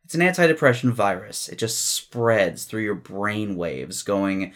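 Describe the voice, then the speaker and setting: A man's voice: fairly low pitch, animated, unhurried, few pauses, a bit bright. A young man co-hosting a podcast, talking candidly and casually, swearing freely and restarting his sentences. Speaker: podcast co-host.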